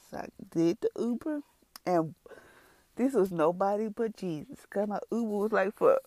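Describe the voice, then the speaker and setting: A warm, sometimes tearful woman, an adult with three kids, gives an emotional testimony in a medium-pitched voice with no room sound. Rambling and repetitive, she talks to her audience as "y'all."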